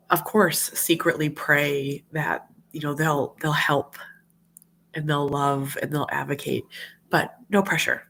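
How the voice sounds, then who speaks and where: Gravelly-voiced mom with a slight cold. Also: female voice, low-pitched, fairly bright tone. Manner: earnest, heartfelt, rambling. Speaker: mom vlogger. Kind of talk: casual livestream chat.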